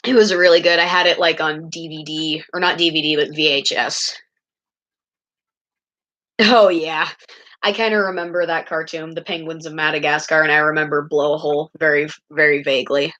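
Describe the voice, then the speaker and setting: A woman's voice: low voice, level tone, moderate pace, sharp tone, dull audio. A young woman chatting casually and rambling while she draws a comic. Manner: rambling, chatty, self-deprecating. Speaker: artist vlogger. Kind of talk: casual chat while drawing.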